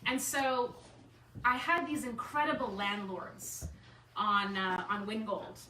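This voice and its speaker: A bright, slightly high-voiced woman tells a personal story to a group, chatty and animated, acting out what she and others said. She is picked up from some distance in an echoey room. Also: takes it slowly. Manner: chatty, animated storytelling full of "like" and self-quotes. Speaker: artist and designer speaking at a gathering. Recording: echoey room, mic far off, faint room noise.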